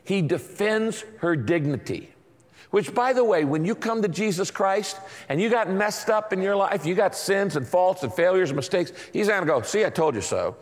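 Animated pastor in a reverberant hall. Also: male voice, high voice, moderate pace. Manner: animated storytelling with acted-out quotes. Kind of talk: sermon.

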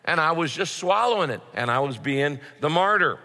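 Man, pastor preaching, bright voice, fairly high pitch, long hall reverb. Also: lively intonation, moderate pace. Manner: conversational preaching with repetitions. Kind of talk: sermon.

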